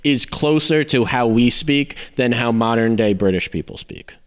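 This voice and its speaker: A young man talking movies on a podcast at an everyday middle pitch. He rambles through his points, laughs easily and swears casually. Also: normal speed, clean tone. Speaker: podcast host. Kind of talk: casual movie review chat.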